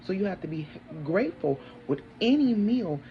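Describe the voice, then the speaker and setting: A woman's voice: medium pitch, sing-song, normal speed, lo-fi sound, a little hiss or hum. A woman in her thirties, a single mother talking to her viewers at home, mixing casual chat with declarations of faith. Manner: preachy, declaring faith, talks to viewers as honey. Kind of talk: casual testimony vlog. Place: home, indoors.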